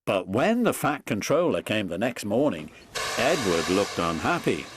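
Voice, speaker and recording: Male storybook narrator, slow and expressive, faint music behind. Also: on the low side.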